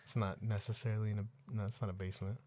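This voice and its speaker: A man's voice: fairly low pitch, little pitch movement, very fast, mellow. A man co-hosting a podcast, trading crude banter and laughing a lot. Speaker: podcast co-host. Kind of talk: casual chat.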